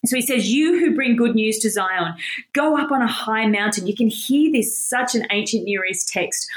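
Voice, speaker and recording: An enthusiastic woman teaches scripture in a casual, conversational way. She pauses on fillers and restarts her phrases. Her voice sits on the higher side, and the room adds a noticeable echo. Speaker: Bible teacher.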